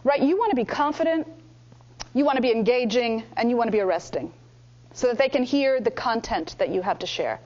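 A woman leading a speaking workshop, coaching the room with energetic instructions and playful demonstrations. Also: fairly high pitch, brisk. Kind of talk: lively teaching workshop. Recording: dull lo-fi room recording.

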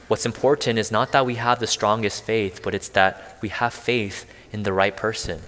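A man's voice: on the low side, fairly even intonation, normal speed, few pauses, fairly bright tone, big-room sound. A man preaching a sermon as a pastor, earnest and asking rhetorical questions.

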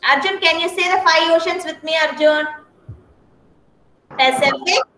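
A woman with an Indian English accent teaching a kindergarten class online, speaking slowly and patiently and spelling words out letter by letter. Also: extremely high pitch, bright, forceful tone, echoey room, slight background noise, poor audio. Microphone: video call.

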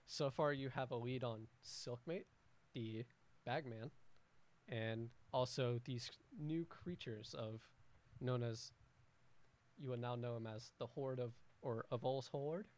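A young man who is the game master, narrating a homebrew tabletop game in a casual, halting way full of restarts. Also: mid-range voice, a little mellow.

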